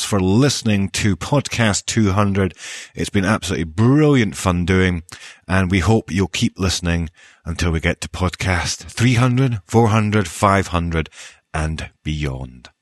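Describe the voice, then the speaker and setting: Bloke with a lowish voice doing a chatty podcast sign-off, dry close sound. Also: male voice, no room sound. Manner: chatty, warm-humoured, quick lists. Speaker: podcast host and newsreader.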